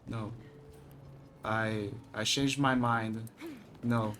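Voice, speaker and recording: A young man streaming a game, excitable and cursing when frustrated. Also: fairly low pitch, very slow, a little hiss or hum. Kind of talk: gameplay commentary.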